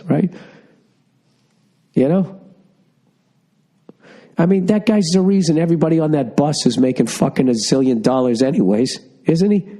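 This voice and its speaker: A man's voice: on the high side, lively intonation, normal speed, long pauses, mellow. A middle-aged man hosting a podcast, ranting sarcastically through a profane comedic monologue. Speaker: podcast host.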